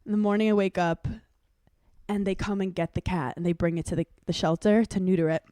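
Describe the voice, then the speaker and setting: A young woman co-hosting a podcast, telling a story in a casual, animated way and acting out the voices of other people. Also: on the low side, a little fast, clean tone, no room sound. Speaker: podcast co-host.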